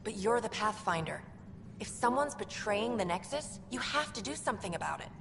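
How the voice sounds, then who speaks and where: A woman's voice: mid-range voice, animated, fairly quick, big-room sound, noisy background, close to an everyday voice. An actress voicing an earnest young woman working as a station comms officer, eager and confiding as she talks.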